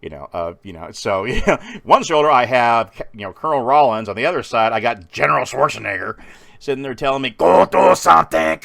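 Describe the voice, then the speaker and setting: Lively, bright-voiced man rambling. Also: mid-range voice, quick pace, creaky, no room sound. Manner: animated, swears freely, rambling. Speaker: vlogger. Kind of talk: casual monologue.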